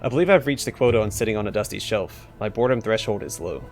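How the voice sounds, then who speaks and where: A man's voice: on the low side, expressive, fast talker, soft background music. A man voicing a languid, bored talking skull of a pleasure-seeker, in a sultry, languorous manner.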